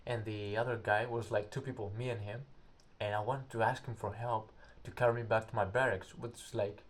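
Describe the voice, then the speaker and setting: A man's voice: lowish voice, fairly even intonation. A young man, an English speaker, telling a story casually and rambling, searching for words. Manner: rambling, halting, searches for words, acts out quotes loudly.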